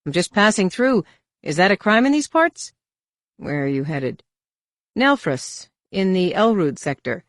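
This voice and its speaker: A man's voice: high voice, sing-song, unhurried, no room sound, clean studio sound, pitched above the performer's own voice, heavily acted. A man voicing a cocky middle-aged human smuggler, brash and gloating, in an audiobook reading. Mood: guarded.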